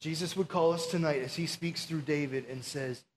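Us pastor guy preaching, high voice, earnest and pleading, talks casual to the crowd. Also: moderate pace, a little hiss or hum. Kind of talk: sermon.

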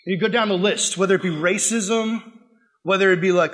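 A young man preaching a sermon as pastor, animated, swinging from loud acted-out quotes to quiet, earnest asides. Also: high-pitched, moderate pace.

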